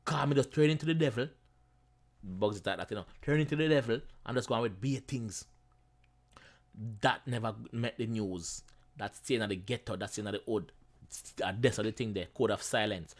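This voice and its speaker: A man with a Jamaican accent hosting a reaction video, chatting casually in patois-flavored English, animated and often repeating himself. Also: on the low side, moderate pace. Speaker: reaction channel host.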